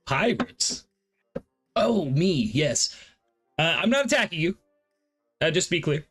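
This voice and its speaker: A man's voice: fairly high pitch, sing-song, measured pace, fairly bright tone, husky, faint music behind. A man playing a tabletop game, playful and laughing often. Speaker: player. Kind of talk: casual tabletop role-play.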